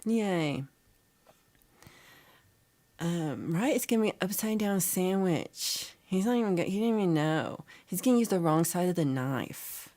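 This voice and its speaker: A woman's voice: lowish voice, lively intonation, a little slow, mellow. A middle-aged woman, hosting a casual livestream chat and teasing viewers as she reads their comments aloud. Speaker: livestream host.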